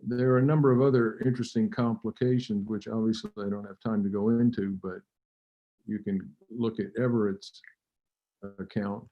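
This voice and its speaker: A man giving an academic lecture, measured and halting, with fillers and occasional throat clearing. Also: on the low side, steady tone. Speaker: linguistics lecturer. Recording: dull lo-fi recording.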